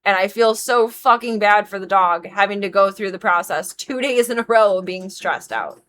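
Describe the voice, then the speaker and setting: A woman's voice: mid-range voice, moderate pace, a bit bright, slight background noise. A woman in her thirties, a streamer and dog groomer, talking frankly and emphatically on a live stream and swearing freely. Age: 30s. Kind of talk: casual live-stream chat.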